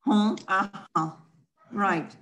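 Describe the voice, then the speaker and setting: A woman's voice: mid-range voice, extremely slow, fairly bright tone. Patient woman teaching a class. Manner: patient, explaining step by step. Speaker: language teacher. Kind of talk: online language class.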